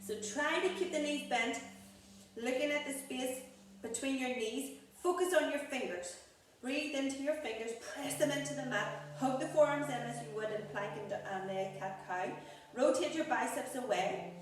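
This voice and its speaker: Woman yoga teacher in an echoey room. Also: high voice. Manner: encouraging, cueing breaths and poses. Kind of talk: guiding a live group class. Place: group exercise studio. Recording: echoey room, voice far from mic, background noise.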